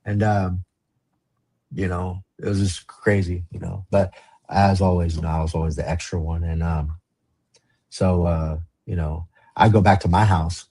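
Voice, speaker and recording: A man's voice: low-pitched, fairly even intonation, unhurried, warm tone, slightly rough. A man from the Los Angeles area, a podcast guest telling his story in casual, slang-heavy, profane talk. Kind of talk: storytelling interview.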